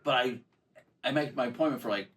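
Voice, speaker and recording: A man in his forties, a comedian guest, telling stories in casual chat, animated and laughing often, acting out other people's voices. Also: mid-range voice, quick pace, distant mic, a little hiss or hum. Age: 40s.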